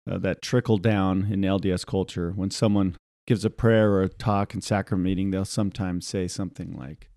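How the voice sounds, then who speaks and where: A man co-hosting a podcast in casual chat, animated and quick to laugh, slipping into voices while telling stories. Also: sits low, no echo, clean studio sound. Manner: animated, laughs often, imitates voices mid-story. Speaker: podcast co-host.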